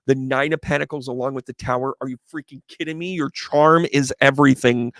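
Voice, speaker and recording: A man reads tarot live for his viewers, bouncing between playful jokes and loud exclamations. His voice has a gravelly, fry-laden edge. The recording is dry and close. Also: mid-range voice, a little fast, few pauses, no echo. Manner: excitable, playful, profane, exclaiming. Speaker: tarot reader.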